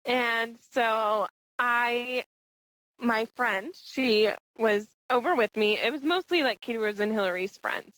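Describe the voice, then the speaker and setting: A young adult woman telling a lively anecdote in casual podcast chat, laughing as she goes. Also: fairly high pitch, takes it slowly, no echo, rough recording. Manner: animated, laughing storyteller.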